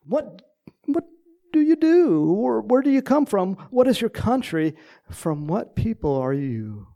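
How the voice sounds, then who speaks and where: A man doing panicked sailors, high and loud. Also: sing-song, creaky, heavily acted. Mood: alarmed. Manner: frantic, rapid-fire questions. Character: frightened male sailors on a storm-tossed boat.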